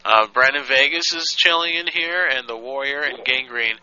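A man's voice: mid-range voice, normal speed, bright, forceful tone, clear, resonant tone, no echo, lo-fi sound. A man hosting a prank-call show in casual banter, teasing and laughing a lot.

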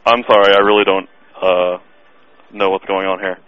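Low-voiced guy at the sandwich shop, talks fast, baffled, muffled dry phone. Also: clear, resonant tone, no echo. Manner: baffled, flat, trying to get back to the order.

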